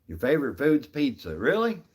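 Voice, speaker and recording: A man's voice: on the high side, huge pitch swings, brisk, breathy edge. A middle-aged man casually chatting on a live stream, answering viewers by name in a folksy, easygoing way. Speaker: livestream host reading chat.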